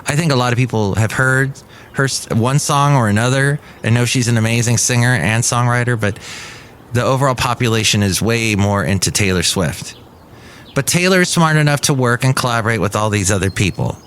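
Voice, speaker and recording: A man's voice: mid-range voice, expressive, brisk, fairly bright tone, slight background noise. A man hosting his own podcast, talking through the week's news in a rambling, wry, opinionated way. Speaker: podcast host. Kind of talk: casual solo podcast monologue.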